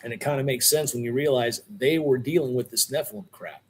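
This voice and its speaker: There's slight background noise as a middle-aged man, guesting on a podcast, tells a long, animated story at a fairly quick clip and an ordinary pitch. His casual storytelling stays unpolished and chatty, with a "dude" here and there.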